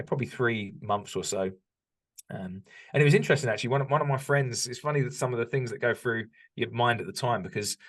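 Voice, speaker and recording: A British man talking candidly as a podcast guest, reflective and open, with frequent restarts and ums. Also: on the low side. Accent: British English. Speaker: podcast guest, business owner. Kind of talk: casual interview chat.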